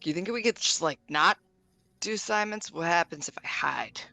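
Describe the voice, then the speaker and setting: A woman's voice: fairly low pitch, animated, moderate pace, vocal fry, bright, forceful tone, no room sound, soft background music. A woman playing her character in a tabletop game, teasing and blunt, often breaking into giggles. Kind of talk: in-character tabletop role-play.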